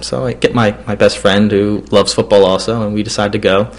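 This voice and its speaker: Man with a lowish voice rambling thru a story, lots of um and like. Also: little pitch movement, a little fast, hardly any pauses. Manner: loose, rambling, lots of fillers and restarts. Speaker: interviewee telling a personal story. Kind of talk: casual storytelling.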